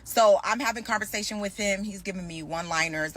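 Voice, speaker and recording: A young woman talks straight to camera in a storytime vlog, full of energy and switching between herself and the other people in her story. Her voice sits at an ordinary middle pitch for a woman, with nothing unusual about its tone. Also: brisk. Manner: animated, acts out both sides of the conversation.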